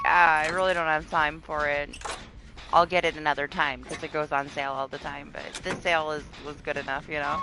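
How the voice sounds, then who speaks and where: A woman's voice: low voice, noisy background. A woman streamer chatting casually while playing a game live, greeting viewers, swearing now and then and laughing often. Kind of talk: casual live gameplay chat. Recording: game music playing behind.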